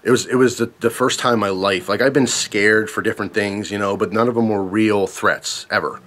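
A man's voice: lowish voice, fairly even intonation, fairly quick, a bit bright. A man casually telling a story to camera, earnest and emphatic, repeating himself when tense.

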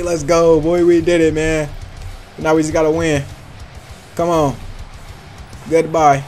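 A man's voice: fairly high pitch, moderate pace, long pauses, a little mellow, soft background music. A young man giving casual, hyped gameplay commentary, trash-talking opponents in slangy banter. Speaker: gaming YouTuber.

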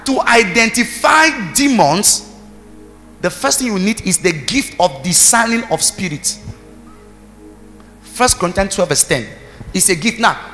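Man preaching, high bright voice. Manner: emphatic preaching, shouting bursts, commands to the congregation. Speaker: pastor. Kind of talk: sermon. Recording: reverberant hall with music behind.

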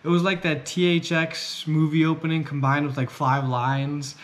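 A young adult man vlogs casually outdoors on a pier by the water, chatty and joking as he rambles. His voice is fairly high, with little pitch movement, at a normal speed.

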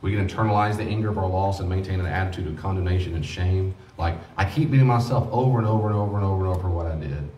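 A man's voice: sits low, racing, hardly any pauses, dark tone, a little hiss or hum. A man preaching a teaching sermon on grief as a pastor, earnest and conversational, repeating himself for emphasis. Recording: echoey room, mic at a distance.

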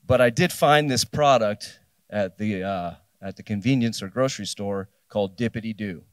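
Speaking at normal speed in a lowish, clear, resonant voice, a New Jersey keynote speaker in his fifties tells a personal story on a festival stage. He acts out the dialogue, and the recording is dry.

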